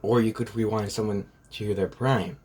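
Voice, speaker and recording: A man tells a homemade fan story off the cuff, stumbling and circling back as he goes. His voice sits a little low and comes out husky and breathy. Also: fairly even intonation, moderate pace, darkish tone. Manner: rambling, full of "like" and "pretty much". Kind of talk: casual fan story retelling.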